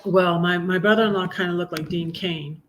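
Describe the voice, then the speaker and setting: A middle-aged woman hosting a live stream, chatting casually and reading her own poems in a halting, heartfelt way with many ums and restarts. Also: fairly low pitch, fairly even intonation, slight background noise. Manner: halting, full of ums and restarts, soft laughs; heartfelt, gets emotional while reading. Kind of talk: casual livestream chat and poetry reading.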